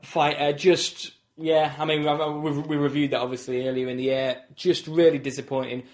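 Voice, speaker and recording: A man co-hosting a casual film review chat, blunt and sweary, quick to mock the others. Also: medium pitch, flat delivery. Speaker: podcast co-host.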